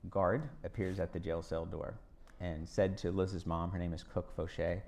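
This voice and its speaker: A former congressman from the United States speaks as a guest on stage at a university event hall, telling folksy anecdotes with acted quotes and giving students advice. His voice is low-pitched, creaky, and a little mellow, with fairly even intonation at normal speed.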